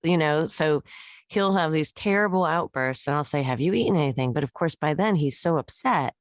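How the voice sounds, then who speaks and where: A woman's voice: low voice, normal speed, no room sound. A middle-aged woman co-hosting a podcast in casual chat, rambling and candid with many fillers. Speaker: podcast co-host.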